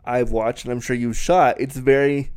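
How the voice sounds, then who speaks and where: A young man talking openly in a relaxed conversation. His voice sits in a medium pitch, and he often laughs and restarts his sentences. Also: normal speed, clean tone. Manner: frank, laughing, many restarts and "like". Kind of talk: candid conversation.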